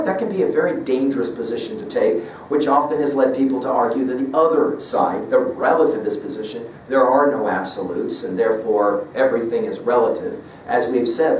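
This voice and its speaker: Male lecturer, mid pitch, measured and emphatic, recorded from afar in a roomy hall. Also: slight background noise. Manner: measured, emphatic, reads quotes aloud with stress on key words. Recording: echoey room from a distance, faint ambience.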